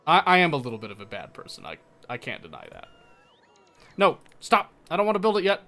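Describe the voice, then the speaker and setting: Young man, game streamer, casual teasing banter, mock-defensive, slightly high voice. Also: wildly swooping pitch, fast, pushed and bright, soft background music. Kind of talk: casual live-stream chat while gaming.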